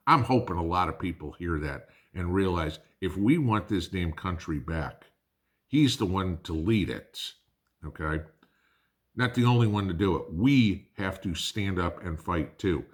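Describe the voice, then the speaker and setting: Angry deep-voiced man ranting. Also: animated, measured pace. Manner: angry, blunt, swears, addresses viewers as guys. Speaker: prepping channel host. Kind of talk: political rant to camera.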